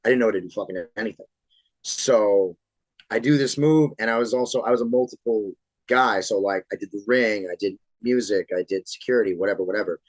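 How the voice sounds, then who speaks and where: A man in his thirties from Florida, a pro wrestler telling animated, swear-laced stories as a podcast guest. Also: lowish voice, fairly quick, no room sound, low-quality recording. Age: 30s. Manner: animated storyteller, swears freely. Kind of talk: casual podcast interview storytelling.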